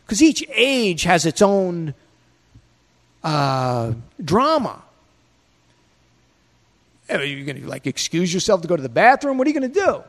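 A man with a notably high voice preaching with rhetorical questions and a provocative, chatty edge. His words carry a long hall reverb. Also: sing-song, a little slow, pauses often. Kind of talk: sermon.

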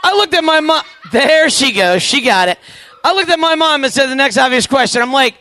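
A man in his forties telling a funny story to a youth camp crowd, animated and acting out the voices, with quick asides to the audience. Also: extremely high pitch. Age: 40s. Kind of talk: comedic storytelling to a live audience.

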